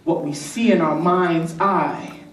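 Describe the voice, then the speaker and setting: Brief: energetic male youth speaker, call-and-response, heard from afar in an echoey hall. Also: on the high side, takes it slowly, recorded from a distance. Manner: energetic, rhythmic, rallies the crowd. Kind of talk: motivational speech with call-and-response. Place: large conference hall.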